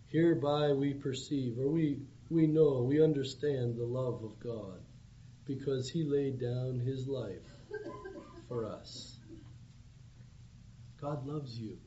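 A man's voice: mid-range voice, takes it slowly, long pauses, dark tone. A man preaching an evangelistic sermon, with earnest, pleading appeals. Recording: dull lo-fi recording with faint background hum.

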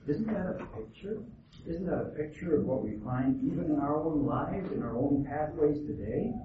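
A man preaching a sermon, earnest and halting, often restarting his words. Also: on the high side, lively intonation. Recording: echoey, distant, phone-like, noisy.

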